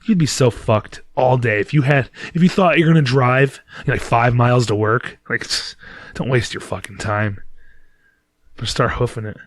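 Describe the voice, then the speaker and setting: A man's voice: mid-range voice, moderate pace, no room sound. A man hosting a podcast, telling a rambling, profane story in casual chat and laughing at himself. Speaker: podcast host.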